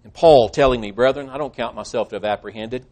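A man's voice: medium pitch, fast, darkish tone. A male preacher giving a sermon, earnest and emphatic, quoting scripture at length.

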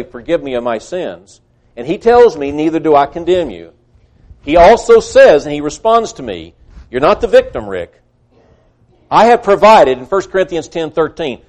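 A man preaching a sermon in an earnest, emphatic way, often quoting scripture at length. His voice sits a little higher than most men's. He seems to be speaking in a church. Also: a little mellow.

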